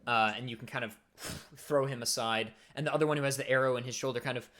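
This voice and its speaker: A man's voice: mid-range voice, steady tone, fast, a bit bright. A man narrating as game master of a tabletop game, casual and descriptive with many fillers.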